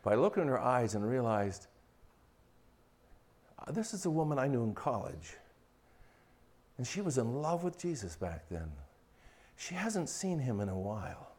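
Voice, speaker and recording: An older man preaching a sermon on marriage, swinging from loud mocking quotes to hushed, intimate storytelling. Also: medium pitch, sing-song, moderate pace, long pauses. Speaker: pastor.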